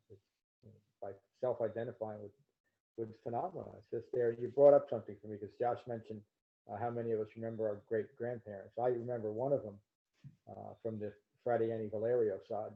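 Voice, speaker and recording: Relaxed man teaching meditation, slightly muffled. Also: lowish voice, gravelly. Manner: relaxed, joking, a little halting. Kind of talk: Dharma class teaching and recited scripture. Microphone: livestream mic. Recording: slightly dull lo-fi stream audio.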